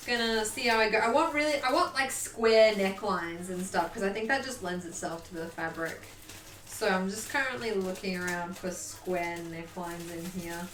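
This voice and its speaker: A woman's voice: medium pitch, normal speed, fairly bright tone. A young woman chatting casually on a live stream, bubbly and chatty, swearing freely. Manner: bubbly, chatty, swears casually, baby-talks to her dog. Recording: echoey room, mic at a distance.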